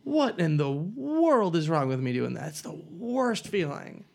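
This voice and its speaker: Dad on a podcast, dry self-deprecating jokes, voice moves up and down a lot. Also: male voice, on the high side, big pitch swings, measured pace, gravelly, darkish tone. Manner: wry, self-deprecating, swearing. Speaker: podcast co-host. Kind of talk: casual chat.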